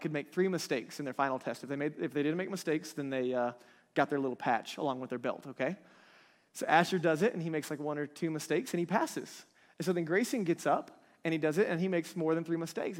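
A man's voice: on the high side, a little fast. A man in his thirties preaching a conversational sermon, often checking in with his listeners. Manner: conversational, keeps checking in with the crowd. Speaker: pastor. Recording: long reverb of a large hall.

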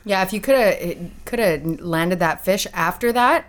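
A woman's voice: medium pitch, expressive, moderate pace. A woman co-hosting a podcast, chiming into a casual chat and often laughing along. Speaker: podcast co-host.

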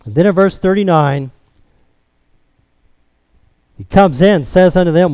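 A man preaching a sermon, expounding scripture in an emphatic, deliberate way. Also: sits high, a little mellow, clean tone, dry recording. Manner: slow, emphatic expository preaching.

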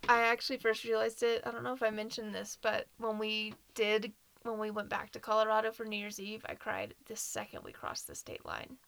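Gravelly bright Southern woman podcaster. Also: a little high, flat delivery, a little fast. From Nashville, Tennessee. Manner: earnest, emotional, laughs easily. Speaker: podcast co-host. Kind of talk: casual chat.

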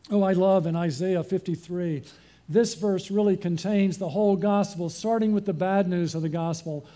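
Male pastor, high mellow voice, preaching with rhetorical questions. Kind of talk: sermon.

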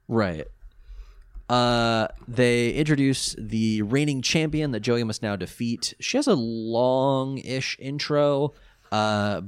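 A man co-hosting a podcast, chatting casually as he recaps an episode and jumps up high when reacting. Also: slow, clean tone, dry recording. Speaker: podcast co-host.

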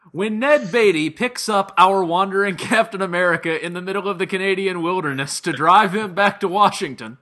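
Guy on a movie podcast, high lively voice, bright tone, jokey and animated. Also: normal speed. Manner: animated, playful, laughs often. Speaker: podcast co-host. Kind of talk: casual movie review chat.

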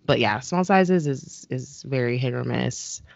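A woman's voice: rumbling low, measured pace, vocal fry. A woman chatting casually about sneakers, with a lot of "like" fillers. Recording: dull, lo-fi sound.

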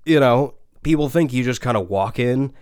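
A man, a voice actor and podcast co-host, telling an animated, rambling story with some swearing in casual chat. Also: medium pitch, normal speed, smooth, dry recording, clean studio sound.

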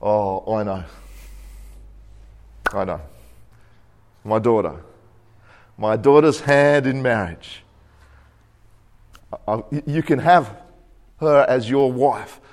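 A man's voice: medium pitch, slow, pauses often, pitched below the performer's own voice, lightly acted. A man playing a boastful, rich male Texan rancher in a joke within his sermon, in a showy, bargaining manner. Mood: puzzled.

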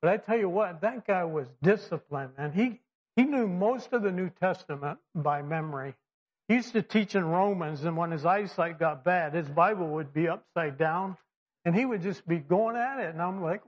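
A man with a voice on the high side preaches at a moderate pace, talking conversationally with lots of fillers and restarts. He's lively and acts out the voices he quotes. It sounds like a church or a classroom with slides, and the recording is dull and lo-fi.

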